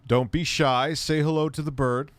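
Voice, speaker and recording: A man's voice: fairly high pitch, fairly even intonation, moderate pace, no room sound. A young man chatting casually on a stream, joking, swearing and bantering with his pet bird. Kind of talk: casual livestream chat.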